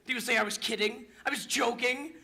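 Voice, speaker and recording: A man's voice: very high-pitched, steady tone, a little fast, gravelly, pushed and bright, full character voice. A young man in a school musical playing a lonely theatre fan who narrates in a confiding, rambling way. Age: young adult. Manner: confiding, rambling, bitter asides. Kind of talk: high school musical stage acting.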